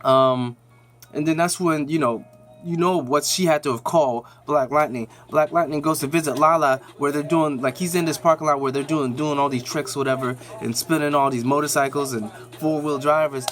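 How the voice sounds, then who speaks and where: A man's voice: a little high, fairly even intonation, normal speed, a bit bright, soft background music. A man hosting a nerd news channel, giving a casual, slangy, rambling recap of a TV episode with lots of fillers.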